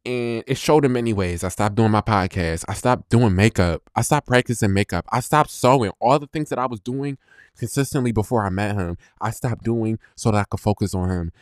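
A man with a lowish voice hosts a solo podcast, talking through a breakup in a candid, unfiltered way. He swears freely and pauses to reflect. The sound is dry and close, with no room around it. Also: smooth, no echo. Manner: candid, blunt and profane, slow and reflective. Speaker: podcast host. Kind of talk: confessional solo podcast monologue.

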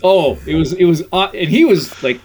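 Animated middle-aged man telling stories. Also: on the high side, normal speed. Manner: animated, laughs often, acts out quotes. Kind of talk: casual storytelling chat.

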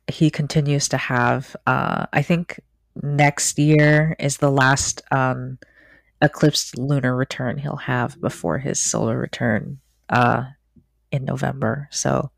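A woman's voice: rumbling low, steady tone, slow pace, vocal fry, no echo. A woman co-hosting a casual podcast chat about astrology, laid-back and hesitant, trailing off with fillers. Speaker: podcast co-host.

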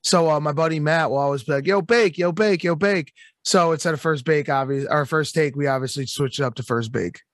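A man's voice: fairly high pitch, steady tone, fast talker, few pauses, dry recording, clean studio sound. A man telling stories as a guest in a casual podcast chat, laid-back and joking.

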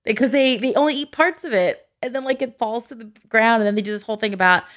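A woman's voice: fairly high pitch, quick pace. A woman hosting a casual podcast chat as an adoptive mother, telling stories animatedly, acting out quotes and laughing often. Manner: animated storyteller who acts out quotes in exaggerated voices and laughs often. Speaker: podcast host.

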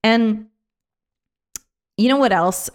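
A woman talking casually on her own podcast, chatty and animated, with many fillers and restarts, sometimes acting out other people's voices. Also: on the high side, slow. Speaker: podcast host. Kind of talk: casual solo podcast talk.

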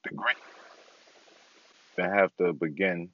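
A young man records a casual podcast update while sitting in his parked car. His voice sits on the low side and he rambles easily, with plenty of ums. The audio is dull and lo-fi. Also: fairly even intonation, takes it slowly. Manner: laid-back, rambling with many ums. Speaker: podcast host.

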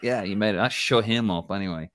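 A man's voice: on the low side, fast, dry recording, studio quality. An Irish man co-hosting a casual live football chat show, joking, rambling and laughing as he talks. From Ireland. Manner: jokey, rambling, laughs often. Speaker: podcast co-host.

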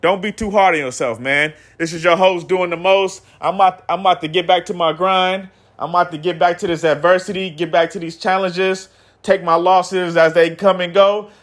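A man's voice: sits high, steady tone, normal speed, fairly bright tone. A man hosting a podcast, delivering a motivational solo monologue in a preachy, repetitive way with slang and cursing. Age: adult with kids. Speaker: podcast host.

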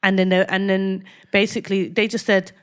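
Animated young woman. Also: mid-range voice, moderate pace, clear, resonant tone. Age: young adult. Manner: animated, acts out quoted exchanges with rising intensity. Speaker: podcast co-host. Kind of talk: casual chat.

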